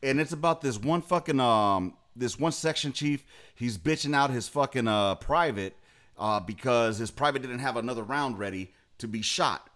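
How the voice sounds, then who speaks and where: A man's voice: medium pitch, normal speed, a bit bright. A young man co-hosting a casual podcast chat over a video call, talking in a blunt, emphatic and profane way. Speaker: podcast co-host.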